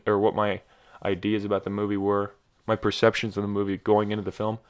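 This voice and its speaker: A young man hosting a casual solo podcast, rambling and joking, often stumbling and correcting himself. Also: lowish voice. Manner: rambling, self-correcting, jokey. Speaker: podcast host.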